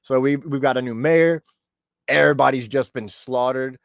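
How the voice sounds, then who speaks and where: A man's voice: mid-range voice, moderate pace, creaky, no room sound, clean studio sound. A man guesting on a podcast, chatting casually and enthusiastically. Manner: enthusiastic, acts out quotes. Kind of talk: casual chat.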